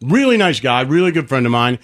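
A man's voice: mid-range voice, big pitch swings, a little fast, fairly bright tone. A man co-hosting a podcast, bantering and telling anecdotes in casual chat. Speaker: podcast co-host.

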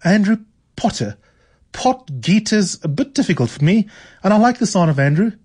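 A man reads aloud and puts on a nosy middle-aged landlady, pitched higher and pushed a little louder. She is chatty and blunt and won't let a point go. Her voice is slightly husky. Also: big pitch swings, moderate pace, full character voice. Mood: pushy. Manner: chatty and pushy. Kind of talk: reading a novel aloud on radio.

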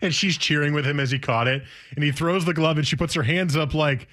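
A man's voice: a little high, fairly quick, hardly any pauses. A man in his thirties co-hosting a sports radio show, telling stories with laughs and acted-out quotes. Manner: animated storytelling, acts out quotes with laughs. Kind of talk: casual sports radio banter.

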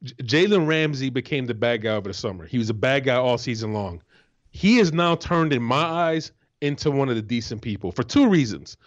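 A man's voice: medium pitch, lively intonation, a little fast, highs cut off. A man who once played pro football, co-hosting a casual sports talk show in an emphatic, profane way. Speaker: co-host, former football player.

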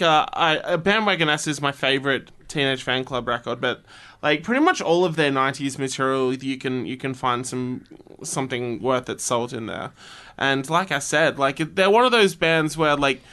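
A man hosting a casual music review chat, animated and quick to act out quotes. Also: medium pitch. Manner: animated, acts out quotes with laughs. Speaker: host.

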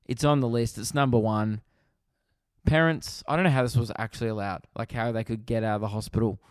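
An Australian man riffs through a comedic podcast monologue, ranting in an animated, exasperated way and swearing freely. His smooth, resonant voice is medium-pitched and a little fast, and the sound is close and dry with no echo or room around it.

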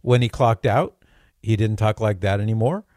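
A man's voice: fairly low pitch, normal speed, a little mellow, dry recording, studio quality. A middle-aged man hosting a talk radio show, telling stories in a chatty way with restarts and chuckles. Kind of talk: casual talk radio chat.

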